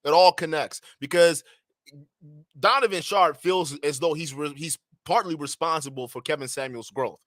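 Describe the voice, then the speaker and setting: A man's voice: a little high, moderate pace, a bit bright, no echo, studio quality. A man hosting casual reaction commentary, chatting directly to his viewers. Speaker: commentary channel host.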